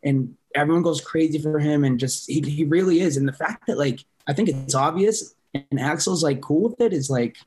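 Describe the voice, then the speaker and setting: A man's voice: a little high, moderate pace, hardly any pauses, a little mellow, husky. A man guesting on a fan podcast, talking loosely with lots of fillers and casual swearing. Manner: filler-heavy, swears casually, laughs often.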